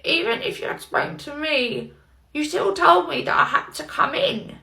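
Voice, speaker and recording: A woman's voice: high-pitched, animated, normal speed, creaky, sharp tone, exaggerated voice. A woman playing a defensive young nursery nurse, protesting and laughing nervously. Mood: indignant. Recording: roomy echo, faint noise.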